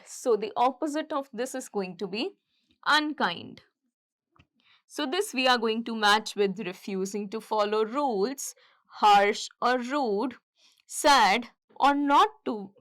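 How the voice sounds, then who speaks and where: Slow, patient female teacher. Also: on the high side, fairly bright tone. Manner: explains step by step, repeating each point. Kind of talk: recorded English grammar lesson.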